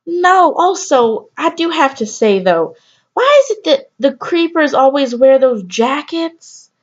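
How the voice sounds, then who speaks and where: A woman's voice: sits high, lively intonation, slow. Candid, rambling woman vlogger. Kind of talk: casual storytelling to camera. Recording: slightly dull lo-fi audio.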